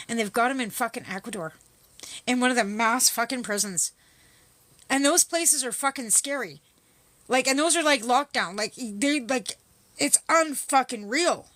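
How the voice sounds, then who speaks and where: A woman's voice: high voice, sharp tone, dry recording. A middle-aged woman from Canada hosting a livestream, talking in a casual, rambling and profane political rant. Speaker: livestream host. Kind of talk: casual ranting chat.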